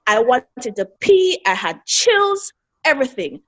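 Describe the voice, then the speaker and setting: A woman's voice: high-pitched, very animated, a little slow, fairly bright tone. A middle-aged woman, a guest on an interview show, tells in earnest the story of losing her young son, reliving each moment. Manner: earnest, reliving events, voices quoted people. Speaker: guest, bereaved mother. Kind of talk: emotional personal storytelling.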